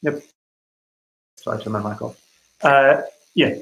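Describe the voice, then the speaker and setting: Halting man in an echoey room. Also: mid-range voice, creaky, a bit bright. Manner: halting, many fillers. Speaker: player. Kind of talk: tabletop game chat.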